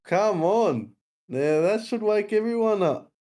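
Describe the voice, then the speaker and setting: A man's voice: sits high, lively intonation, measured pace, warm tone. A man hosting a live music game show, chatting casually and teasing the contestants. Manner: laughing, teasing banter. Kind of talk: casual live-stream chat.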